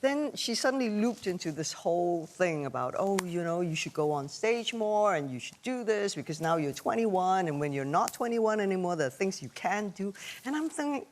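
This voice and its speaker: A woman from Malaysia, an actress guest, telling an anecdote in an expressive, laughing way. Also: fairly low pitch, moderate pace, few pauses, slight background noise. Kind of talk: anecdotal chat. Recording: studio with loud audience.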